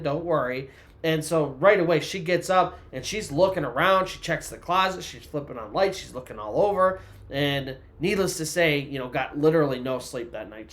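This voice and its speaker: A man's voice: fairly high pitch, fairly bright tone. A man telling a creepy story in a loose, conversational way, with lots of filler words. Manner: conversational, loose, full of "you know" and "kinda". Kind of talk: casual storytelling narration.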